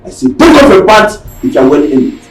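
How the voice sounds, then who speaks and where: A man's voice: sits high, sing-song, fairly quick. An actor with a Nigerian accent playing a cruel male gang leader who barks orders and mocks his victims. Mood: threatening. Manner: barking orders, mocking. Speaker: armed robber leader. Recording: roomy scene audio from a distance, music under.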